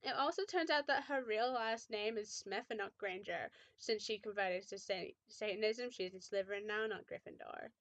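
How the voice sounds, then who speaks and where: A woman's voice: mid-range voice, moderate pace, few pauses, fairly bright tone, no echo. A young woman reading a fan fiction aloud with mock drama, often breaking off to make sarcastic remarks.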